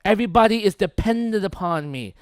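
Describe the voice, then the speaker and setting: An earnest man who talks himself into staying because everyone needs him, as a preacher plays him. The voice sits fairly high and sounds close and dry. It is delivered conversationally within a sermon. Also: expressive, fairly quick, smooth, no echo. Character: Jesus imagined as a man clinging to being needed.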